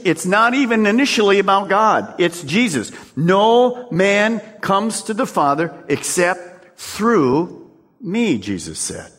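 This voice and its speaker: A man preaching a sermon as pastor, animated, calling out to his congregation. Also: on the high side, long reverb tail. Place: church sanctuary.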